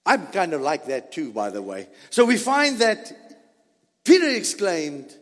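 Male preacher, sermon delivery, high and very lively pitch, unhurried, long hall reverb. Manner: animated, rhetorical questions to the congregation.

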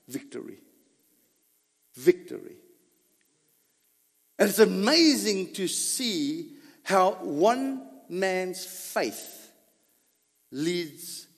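A man preaching a sermon, animated, asking his audience questions and repeating points for emphasis. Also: sits high, big-room sound.

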